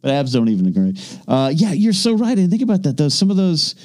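Male podcast co-host, middle-aged, very lively pitch, jokey casual banter. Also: fast talker. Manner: animated, jokey, trails off and restarts. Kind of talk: casual comedic chat.

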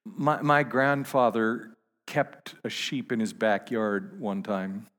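A man preaching a sermon to his congregation, halting and repeating words, rising to emphatic peaks. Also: lowish voice, fairly even intonation, a bit bright, long reverb tail. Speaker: pastor.

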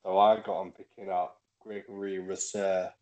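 A man's voice: lowish voice, steady tone, normal speed, a little mellow, rough recording. A tipsy man co-hosting a podcast, chatting casually and teasing his co-hosts. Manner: joking, teasing. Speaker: podcast co-host. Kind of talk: casual sports chat.

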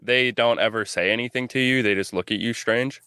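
A man's voice: medium pitch, brisk, pushed and bright, clear, resonant tone, no room sound, clean studio sound. Young man ranting with lots of swearing. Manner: profane, rambling storytelling. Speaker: podcast co-host. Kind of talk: casual chat.

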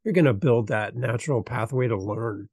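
A man hosting a podcast interview, reacting with enthusiasm and talking quickly, repeating words when he gets excited. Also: medium pitch, slightly rough, no room sound. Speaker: podcast host. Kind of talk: casual interview chat.

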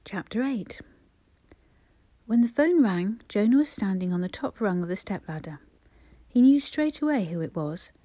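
A woman narrating a novel in a soft, often near-whispered reading. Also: medium pitch, no room sound. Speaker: audiobook narrator. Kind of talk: scripted narration.

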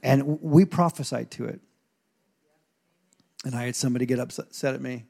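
A man who is a pastor, preaching a sermon in an animated way with asides and rising intensity. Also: medium pitch, normal speed, creaky. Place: church stage.

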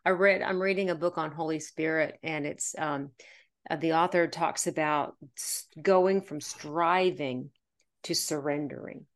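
A middle-aged woman from Pennsylvania hosts a relaxed faith-based chat. She talks in an energetic, chatty way with a slightly low pitch and laughs easily. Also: measured pace. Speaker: podcast host.

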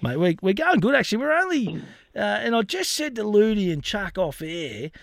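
An Australian man hosting a sports radio show, joking and bantering loudly with guests. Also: high voice, sing-song, moderate pace, gravelly, dry recording, soft background music. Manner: boisterous, jokey banter. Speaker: radio host. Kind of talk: casual sports radio chat.

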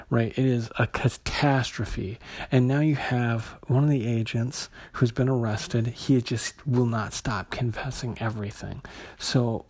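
Man for a comic review vlog: husky voice, halting delivery with lots of ums and restarts. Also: mid-range voice, darkish tone. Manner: hesitant, many fillers and restarts. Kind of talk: casual spoken review.

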